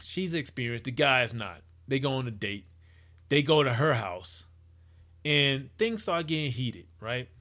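A man's voice: medium pitch, expressive, measured pace, sharp tone. A man giving rambling, casual commentary as he reacts to a photo project, with many restarts and hypotheticals. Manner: acts out quoted people in his voice.

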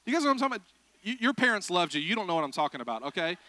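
Bright-voiced preacher, joking. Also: male voice, sits high, very animated, rapid-fire, no echo. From South Georgia, USA. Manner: joking, chatty, self-deprecating. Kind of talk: humorous sermon. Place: church.

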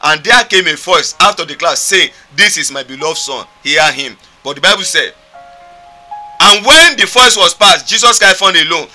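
Nigerian male pastor, emphatic repetitive sermon delivery, sharp bright tone. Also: sits high, animated, moderate pace, soft background music. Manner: fervent, emphatic, repetitive preaching. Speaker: preacher.

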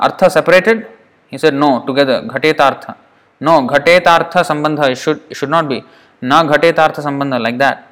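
A man's voice: fairly high pitch, a bit bright. A man teaching a devotional scripture class in a slightly raised voice. He speaks earnestly and often says a word twice to drive the point home. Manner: earnest, repeats words for emphasis. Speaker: lecturer.

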